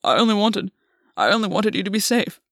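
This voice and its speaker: A woman's voice: medium pitch, big pitch swings, brisk, fairly bright tone, no echo, studio quality. A woman voicing an anxious, guilt-ridden young fae man who talks in a hesitant, pleading way. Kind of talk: audiobook reading.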